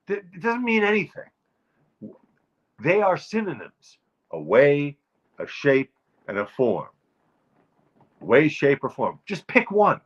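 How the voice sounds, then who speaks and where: Man host, lively comic ranter, wry and emphatic, slightly dull lo-fi sound. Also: a little high. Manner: wry, emphatic ranting about phrases. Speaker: show host. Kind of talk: comic monologue.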